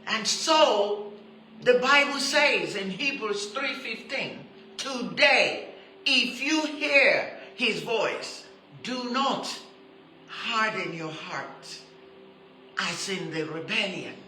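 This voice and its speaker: A woman preaching a sermon who stresses her points by repeating them and turns soft and intimate when she appeals to her listeners. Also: fairly high pitch, animated, drawn-out words, roomy sound, a little hiss or hum, poor audio. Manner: emphatic, repeats key phrases for stress.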